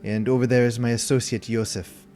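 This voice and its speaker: A man's voice: medium pitch, flat delivery, brisk, a little mellow, natural voice. A man voicing a polite, formal elderly male merchant in green robes, with music behind. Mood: courteous.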